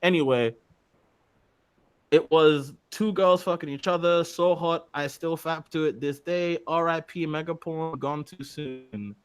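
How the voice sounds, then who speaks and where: A man's voice: fairly high pitch, smooth. A young man with an English accent with an African tinge, co-hosting a crude, mocking casual commentary chat. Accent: English, with some African influence. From England. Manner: crude, mocking, loud bursts of laughing outrage. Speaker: podcast co-host.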